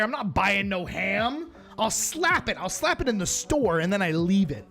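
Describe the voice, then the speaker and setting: A man's voice: high-pitched, big pitch swings, slow pace, fairly bright tone, soft background music. A man streaming live, chatting casually and playfully with his audience while reacting to videos. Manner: chatty, playful, talks straight to his chat.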